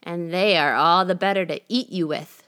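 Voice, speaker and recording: A woman voicing a sly, hungry male wolf with a gruff, falsely sweet manner while reading a storybook aloud. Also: lowish voice, moderate pace, a bit bright, close to an everyday voice. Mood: menacing.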